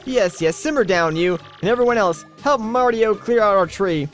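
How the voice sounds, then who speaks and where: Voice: mid-range voice, animated, normal speed, faint music behind, close to an everyday voice. A gamer voicing a grumpy, bossy old female tree-creature elder while reading a video game's dialogue aloud, in a scolding, impatient, folksy manner. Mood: cranky. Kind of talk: Let's Play dialogue reading.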